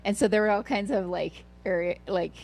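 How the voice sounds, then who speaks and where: A woman's voice: medium pitch, steady tone, moderate pace, gravelly, a little mellow. A woman commentating live on a mountain ultramarathon livestream, chatty and playful, sometimes correcting herself.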